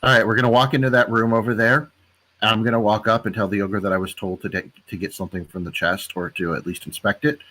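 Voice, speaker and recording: A man playing a tabletop game, thinking through a plan out loud and second-guessing himself. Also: fairly low pitch, fairly even intonation, quick pace. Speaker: player. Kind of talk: casual tabletop game talk.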